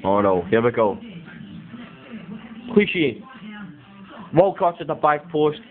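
A young man doing a joking mock football commentary among friends in a living room, excitable and cheeky with sudden yelps. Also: a little high, slow. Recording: tinny lo-fi home video.

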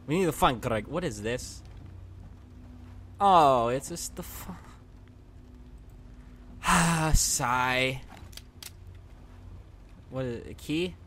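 A man's voice: medium pitch, animated, a little slow, long pauses, a bit bright. A man narrating his horror game playthrough with jokes, talking to the game and yelping and screaming when startled. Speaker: gameplay commentator. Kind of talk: horror game let's play commentary.

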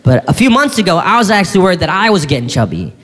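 A man performing stand-up comedy, telling a story in an animated, incredulous way with sudden shouts. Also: high voice, fast talker. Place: live comedy venue on stage. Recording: live stage in a reverberant hall with faint crowd ambience.

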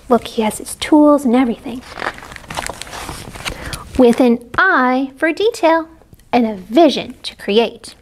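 A woman librarian reading picture books aloud at a children's story time, animated and pausing to talk to the kids. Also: sits high, slight background noise. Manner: animated, talks to kids between pages. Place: public library.

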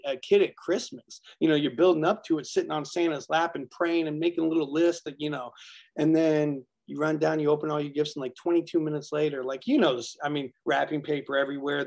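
Gravelly, husky-voiced man sharing. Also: on the high side, a little mellow. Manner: rambling, self-deprecating storyteller. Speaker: workshop speaker. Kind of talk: casual sharing at a recovery workshop.

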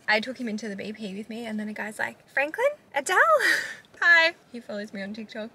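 A woman's voice: on the high side, lively intonation, fast, bright, forceful tone, slight background noise. A young Australian woman talking frankly and casually to camera in a vlog, swearing freely. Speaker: vlogger.

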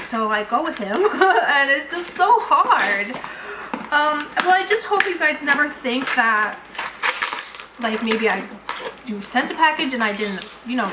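A woman's voice: on the high side, reverberant, noisy background. A woman beauty vlogger chatting through an unboxing, gushing and exclamatory as she talks to her viewers. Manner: gushing, effusive, frequent exclamations. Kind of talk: unboxing vlog chat.

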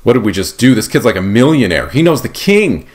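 A man's voice: mid-range voice, big pitch swings, brisk, darkish tone, close to an everyday voice. A man voicing a group of sly, practical male congressmen who hatch a conspiratorial plan. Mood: scheming. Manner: wheedling, conspiratorial.

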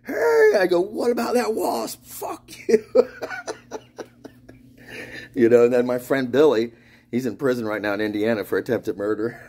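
Man, low voice, mellow tone, rambling monologue, profane, laughs mid-story. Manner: profane, laughs through his stories; meandering, restarts and trails off. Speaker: spiritual vlogger.

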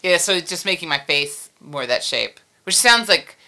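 A woman puppeteer being interviewed, talking in a casual, animated way with frequent laughs and trailing sentences. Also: fairly low pitch, normal speed. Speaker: puppeteer guest.

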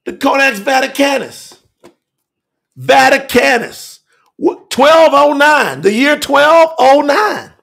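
A man preaching a fiery telethon sermon, emphatic and repetitive, swinging from shouts to hushed asides, with Southern US dialect grammar. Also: very high voice, animated, slow pace, gravelly.

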